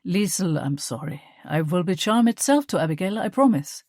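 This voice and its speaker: Woman reader as young German suitor, charming but possessive, smooth with a sharp edge, lowish voice, dry booth sound. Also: lively intonation, normal speed, dry recording.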